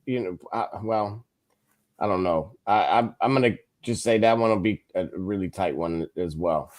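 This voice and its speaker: A man's voice: sits low, normal speed, darkish tone. A man co-hosting a casual sports talk stream, hesitant and restarting as he makes his points. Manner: hesitant, with restarts and fillers while making a point. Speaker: co-host.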